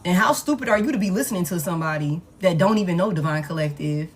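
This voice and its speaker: A woman's voice: fairly low pitch, animated, quick pace, slight background noise. Blunt, exasperated woman reading tarot. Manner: blunt, exasperated, swearing, repeats phrases for emphasis. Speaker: tarot reader. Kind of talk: live collective tarot reading.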